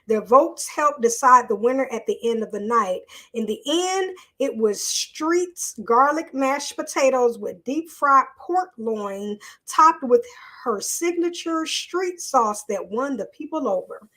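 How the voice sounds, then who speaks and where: A woman's voice: high voice, animated, a little slow, a bit bright. A woman hosting a live online show, chatting casually with viewers and reading a news article aloud in a loose, off-the-cuff way.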